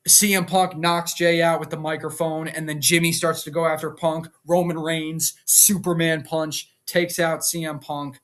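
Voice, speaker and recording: A young man casually recapping a wrestling show, rambling and repeating words, jumping up in pitch when he acts out quotes. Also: level tone, moderate pace, hardly any pauses, fairly bright tone. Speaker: wrestling reaction vlogger.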